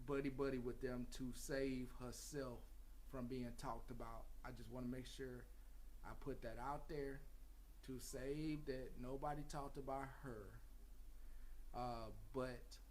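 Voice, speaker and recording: A man's voice: mid-range voice, a little hiss or hum. A man hosting his own gossip channel, talking casually in a profane, rambling, emphatic way, repeating his warnings and apologies.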